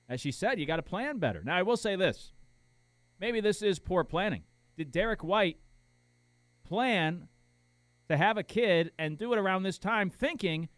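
A man hosting a sports talk show, reacting to radio clips in an animated, incredulous, rambling way. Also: sits high, normal speed, dry recording. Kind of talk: casual sports commentary.

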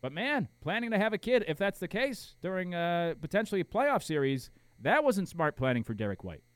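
Male sports talk host, riffs on call-in clips, highly expressive, slightly high voice, dry close mic. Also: brisk, dry recording. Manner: animated, incredulous, rambling. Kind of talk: casual sports commentary.

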